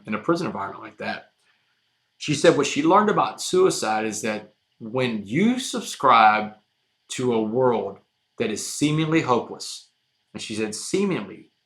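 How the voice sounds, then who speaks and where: A man telling a personal story as a podcast guest, emphatic and moving between hushed and loud passages. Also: mid-range voice.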